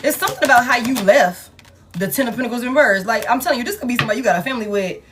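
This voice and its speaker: A woman's voice: on the high side, racing, fairly bright tone, a little hiss or hum. Blunt, exasperated woman reading tarot. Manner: blunt, exasperated, swearing, repeats phrases for emphasis. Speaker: tarot reader. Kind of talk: live collective tarot reading.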